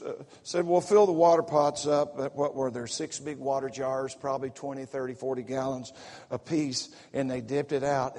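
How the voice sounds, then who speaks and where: A man preaching a sermon in a folksy, excitable way, full of repetitions and asides, with a slight Southern accent. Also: medium pitch. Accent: Southern US, slipping in from home visit. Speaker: pastor. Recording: echoey sanctuary reverb.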